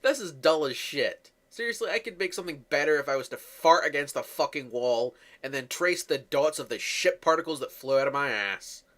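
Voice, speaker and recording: A man's voice: fairly high pitch, animated, a little fast, hardly any pauses, a bit bright. A man giving a profane, mocking comedic movie rant as a reviewer.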